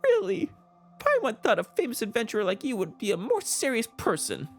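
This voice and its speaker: A man voicing a tiny, excitable female companion creature who is blunt and quick to tease. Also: very high-pitched, gravelly, faint music behind, voice pushed up, full character voice. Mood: indignant.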